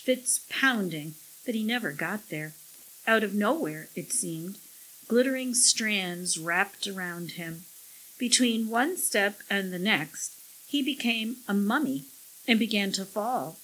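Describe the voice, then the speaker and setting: A woman narrating a science-fiction story in measured audiobook style. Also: mid-range voice, fairly bright tone, breathy edge, rough recording.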